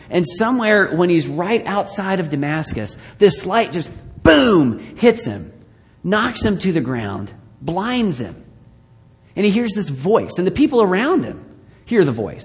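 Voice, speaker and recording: A male pastor giving a conversational sermon with joking asides, swinging between loud bursts and quiet, hushed lines. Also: high voice. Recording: long reverb of a large hall.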